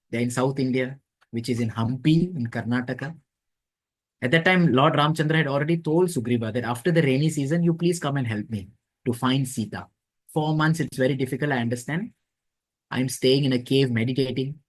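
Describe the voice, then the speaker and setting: A man's voice: medium pitch, rough recording. Man retelling scripture stories in class. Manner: storytelling, acting out quoted dialogue. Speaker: lecturer. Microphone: online class audio.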